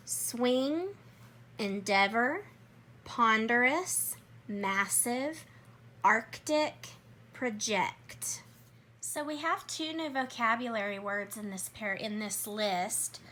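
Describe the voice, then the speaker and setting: A woman teaching a spelling and grammar lesson, explaining each answer patiently and clearly. Her voice sits a little high and sounds bright. She takes her time and speaks very slowly. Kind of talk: workbook lesson walkthrough.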